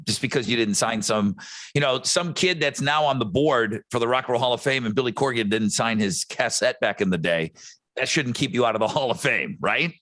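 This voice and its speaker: A man co-hosting a music podcast, talking in a rambling, excitable way with frequent restarts. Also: mid-range voice, a little fast, no echo. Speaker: podcast co-host. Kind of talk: casual chat.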